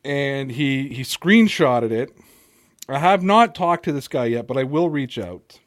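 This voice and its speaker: A man's voice: medium pitch, lively intonation, a little slow, no echo, studio quality. A man with an American Italian accent hosting a casual sports podcast over a video call, joking and trailing off mid-sentence. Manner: loose, joking, trails off and restarts. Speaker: podcast host. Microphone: computer mic on a video call.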